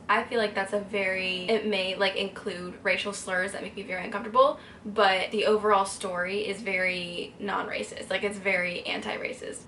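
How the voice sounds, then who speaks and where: A young woman talks casually to camera about her reading, laughing often and filling her sentences with "like". Her voice is bright and clear. The room around her sounds echoey, with a faint hum of ambience. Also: medium pitch. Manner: chatty, giggly, lots of "like" fillers. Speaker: reading vlogger. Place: indoors during a stay abroad.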